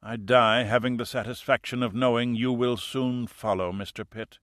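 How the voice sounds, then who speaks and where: Man voicing a dying killer, hushed and cold. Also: medium pitch, steady tone, no echo, clean studio sound, natural voice. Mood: cold, fading. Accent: faint European. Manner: quiet, hushed and slow, fading breath. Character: dying male assassin, cold, fanatical, calm.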